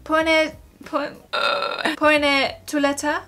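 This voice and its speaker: A woman's voice: a little high, normal speed, fairly bright tone. A young woman chatting casually at home for her vlog, giggly and self-mocking as she stumbles over words. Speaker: YouTuber.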